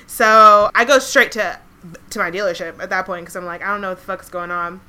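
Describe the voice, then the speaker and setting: A young woman co-hosting a podcast, telling a story in a casual, animated way with a lot of swearing. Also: mid-range voice, a little fast, a little hiss or hum. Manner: animated, profane, laughs often. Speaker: podcast co-host.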